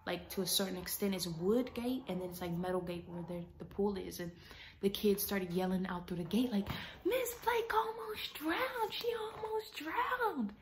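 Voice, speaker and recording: A young woman telling a story to her viewers, talking to them casually and dramatically, and often dropping to a hushed whisper. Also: lowish voice, fairly even intonation, fairly quick, slight background noise. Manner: chatty, addresses viewers as y'all.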